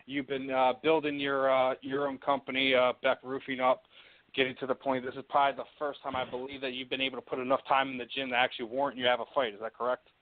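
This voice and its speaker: A man's voice: medium pitch, flat delivery, fast talker. A man hosting a casual interview, rambling with many fillers and laughing easily. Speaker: podcast host. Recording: tinny phone-like line.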